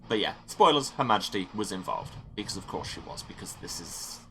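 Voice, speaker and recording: A man's voice: sits low, sing-song, brisk, bright, forceful tone, a little hiss or hum. A man hosting a game playthrough, reading the story text aloud and adding wry asides. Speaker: let's play host.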